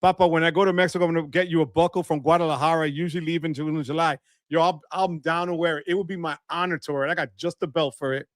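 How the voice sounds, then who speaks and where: Animated ny guy chatting on his livestream, highish voice, dry mic, playful. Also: racing, few pauses, no echo. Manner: animated, playful, shouts catchphrases. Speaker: livestream host. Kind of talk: casual livestream chat reading viewer comments.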